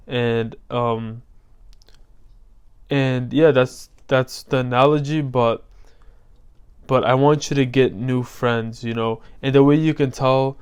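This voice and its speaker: A man's voice: medium pitch, clean tone. A young man giving a casual motivational vlog talk as a self-improvement coach, loose and slangy, with lots of fillers.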